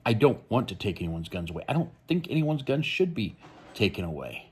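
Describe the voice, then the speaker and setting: Deep, husky-voiced man, blunt. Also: very animated, a little fast, darkish tone. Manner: rambling, blunt, opinionated. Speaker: true crime channel host. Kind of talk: opinionated casual commentary.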